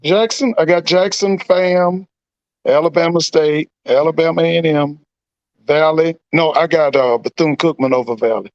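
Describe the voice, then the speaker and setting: A man joining a casual sports live stream as a guest, listing his picks slowly and hesitantly. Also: fairly high pitch, no room sound, lo-fi sound.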